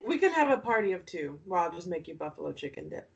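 A woman's voice: lowish voice, sing-song, fast talker, vocal fry, slightly rough. A woman co-hosting a podcast in casual chat, playful and teasing, gushing with enthusiasm. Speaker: podcast co-host.

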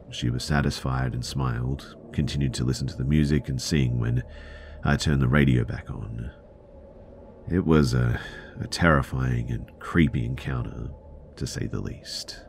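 Very deep-voiced male story narrator. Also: steady tone, normal speed, creaky, slight background noise. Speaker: podcast narrator. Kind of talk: scripted narration of a listener's true scary story.

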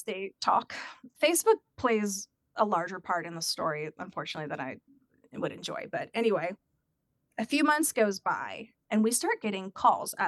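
A woman's voice: medium pitch, dry recording, clean studio sound. A woman telling a personal family story in casual chat, acting out the voices of the people she quotes. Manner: animated, acts out quoted voices.

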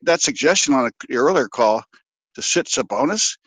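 A man calling in to a sports radio show, talking in a halting, rambling way with many fillers. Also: medium pitch, lively intonation, fairly bright tone, no echo, rough recording. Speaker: caller. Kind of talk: sports call-in talk.

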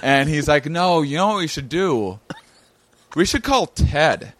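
A man's voice: fairly high pitch, unhurried, dry recording. Guy comedian rambling through a funny story, doing everybody's lines, dry close sound. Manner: rambling animated storytelling, acting out other people, laughing often. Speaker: comedian guest. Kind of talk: casual storytelling chat.

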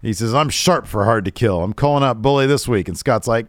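A man's voice: mid-range voice, fairly quick, hardly any pauses, no room sound, studio quality. A man co-hosting a podcast, laid-back and a bit profane, loosely quoting what the wrestlers said. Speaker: podcast co-host. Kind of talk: casual wrestling recap chat.

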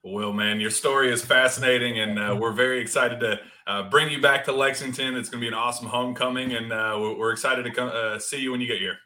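A man hosting a sports podcast who chats in a relaxed way with many fillers. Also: medium pitch, fast talker, few pauses. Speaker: podcast host. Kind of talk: casual sports talk.

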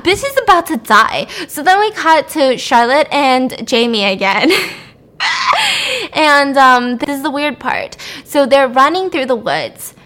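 A woman casually recapping a horror movie as a storyteller, animated and profane, often breaking into laughter. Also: high voice, a little slow.

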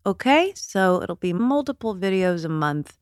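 A woman's voice: mid-range voice, very animated, unhurried, clear, resonant tone, no room sound, clean studio sound. A woman hosting her own podcast from bed, talking in an emotional, chatty, confiding way. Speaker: podcast host. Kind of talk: casual solo podcast talk. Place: in bed at home.

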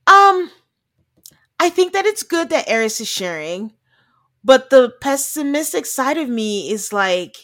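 A woman's voice: sits high, unhurried. A woman co-hosting a podcast, recapping a reality show in casual chat, laughing often and quoting people. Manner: chatty, laughs often, quotes people in animated asides.

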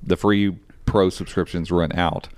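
A man co-hosting a tech podcast, explaining things in a relaxed, casual way with many fillers. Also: sits low, a little slow. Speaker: podcast co-host.

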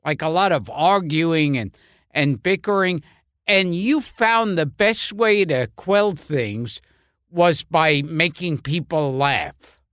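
High, super lively male host, slow talker, bright and sharp, dry sound. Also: no echo. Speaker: podcast host. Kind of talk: interview.

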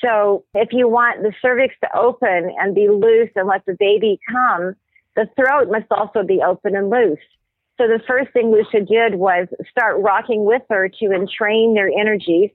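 A woman speaking as a guest medical anthropologist, explaining her ideas at length in an earnest, steady way, with an occasional um. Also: medium pitch, no room sound. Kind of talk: explanatory interview talk. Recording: tinny phone-like line, dry.

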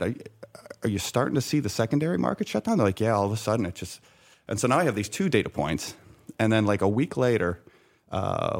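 A middle-aged man telling a story in conversation, acting out what others said and restarting his sentences often. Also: on the low side. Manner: animated anecdote teller, acts out quoted voices, many restarts. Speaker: guest, former bank sales desk worker.

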